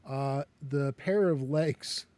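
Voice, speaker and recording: A man narrating as game master for a tabletop game, halting with many fillers and restarts. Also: medium pitch, warm tone, no room sound.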